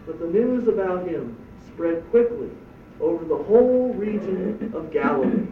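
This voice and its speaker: High-voiced preacher in an echoey church. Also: male voice, expressive, a little slow, slight background noise. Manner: emphatic preaching with rhetorical questions. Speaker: pastor. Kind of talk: sermon. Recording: echoey distant dull church recording.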